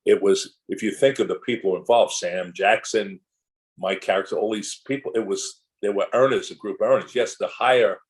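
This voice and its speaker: A man's voice: lowish voice, normal speed, rough recording. An older man, an actor guest in a casual interview, telling long rambling anecdotes full of restarts and asides.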